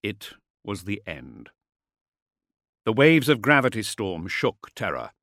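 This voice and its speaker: A man with a lowish voice narrates an audiobook in a scripted, dramatic style, his pitch rising and falling widely through each sentence. The recording is dry and close, with no room sound. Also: slow pace, no room sound. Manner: dramatic, with lively pitch swings.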